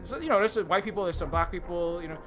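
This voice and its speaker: Talking fast in a high voice, a man rants about politics on a live stream with music playing underneath. He rambles heatedly and sarcastically, tripping over restarts while he mocks people.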